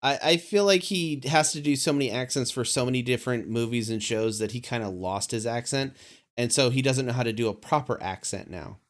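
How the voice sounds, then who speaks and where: A man's voice: medium pitch, fairly quick. A man co-hosting a live stream, chatting casually about movies in an easygoing, teasing way. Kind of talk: casual chat.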